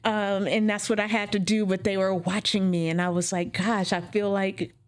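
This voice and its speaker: A woman dentist telling her career story in an interview, emotional and animated, acting out what she said back then. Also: mid-range voice, a little fast. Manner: emotional, animated, acts out her own quotes.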